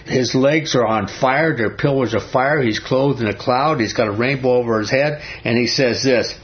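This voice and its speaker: A man's voice: mid-range voice, normal speed, hardly any pauses. Male preacher teaching a Bible study, emphatic and questioning, captured on a dull lo-fi recording. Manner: emphatic, repeats "I'm telling you", asks the listeners questions.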